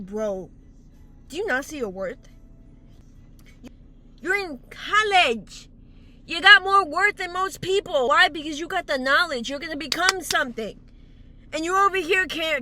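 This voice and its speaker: A young woman with a high, pushed, bright voice rants in a casual vlog where she gives life advice. She's heated and exclamatory, swears plenty, and has a slight lisp caused by dental aligners.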